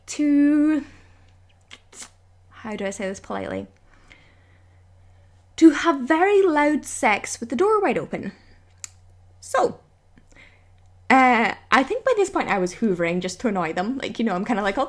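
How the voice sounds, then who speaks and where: Animated young woman telling a story. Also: fairly high pitch. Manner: animated, exasperated storytelling, acting out quotes. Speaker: vlogger. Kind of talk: storytime vlog.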